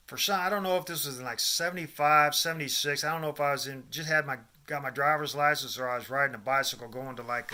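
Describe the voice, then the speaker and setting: Bright-voiced rambling storyteller man. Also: mid-range voice. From US Midwest. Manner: digressive, many restarts and asides. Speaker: vlogger.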